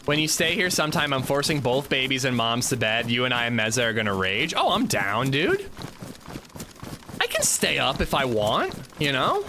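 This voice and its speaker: A man's voice: mid-range voice, big pitch swings, normal speed, noisy background. A man streaming a game, chatting casually and reading chat aloud. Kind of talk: casual livestream chat while gaming.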